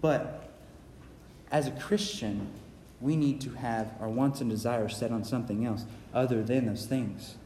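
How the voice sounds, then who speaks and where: In an echoey hall with faint ambience and a little hiss or hum, a man preaches in a mid-range, dark, slightly slow voice. His sermon is earnest and repetitive, and he often stumbles and restarts sentences.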